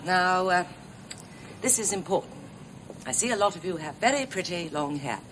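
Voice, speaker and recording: An actress playing a nursing tutor who lectures new students in a brisk, chatty way with small laughs. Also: female voice, lowish voice, expressive, fairly bright tone, a little hiss or hum, low-quality recording. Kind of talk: scripted TV drama acting.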